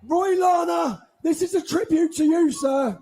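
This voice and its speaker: A man giving a forceful, indignant speech to a crowd at an outdoor street rally. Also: very high voice, creaky, soft background music. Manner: forceful, indignant, drawn-out delivery. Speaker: rally speaker.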